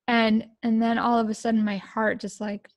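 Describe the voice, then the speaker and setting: Middle-aged American woman, podcast guest. Gravelly, flat delivery, emotional and halting, dry close sound. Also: a little high, no room sound. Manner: emotional, halting, many fillers and restarts. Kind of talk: personal storytelling.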